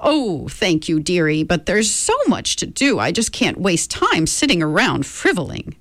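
A woman reading aloud and voicing an eccentric, cheerful very old woman with a brisk, chirpy manner. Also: on the low side, sing-song, no room sound.

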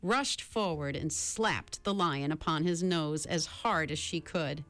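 A woman reading a storybook aloud as narrator, in an expressive, measured way. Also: low-pitched, dry recording, soft background music.

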